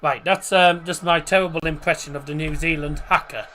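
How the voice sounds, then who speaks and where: A man's voice: fairly high pitch, steady tone, fairly quick, pushed and bright. A man hosting a live football watchalong stream, chatting casually in a rambling way and cracking corny jokes at his own expense. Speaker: football watchalong livestream host. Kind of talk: casual live match chat.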